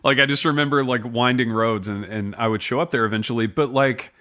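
A man's voice: mid-range voice, steady tone, a little fast, fairly bright tone. A middle-aged man co-hosting a podcast, rambling and joking about himself in casual chat. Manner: rambling, self-deprecating, laughs often. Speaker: podcast co-host.

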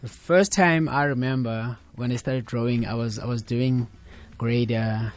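Relaxed man with a Xhosa South African accent. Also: medium pitch, a little slow. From Eastern Cape, South Africa. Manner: relaxed, laughs easily, mixes languages. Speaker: studio guest, artist. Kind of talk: casual interview. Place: radio studio.

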